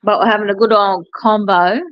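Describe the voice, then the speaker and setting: A woman, a hairdresser chatting casually and telling animated stories, with plenty of swearing. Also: medium pitch, a little fast, dry recording, muffled recording. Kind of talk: casual chat.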